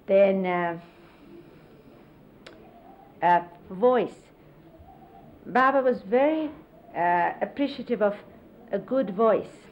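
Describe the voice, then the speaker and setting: A middle-aged woman casually reminiscing, explaining hand gestures in an unhurried, conversational way and often quoting others. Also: medium pitch, animated. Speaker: interviewee recalling life with a spiritual teacher. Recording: lo-fi 1970s videotape, faint hiss.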